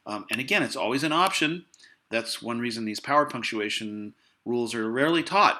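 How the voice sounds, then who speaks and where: A man teaching a college writing lesson in a relaxed, explanatory way, with fillers and small asides. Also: medium pitch, brisk. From United States. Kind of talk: recorded lecture.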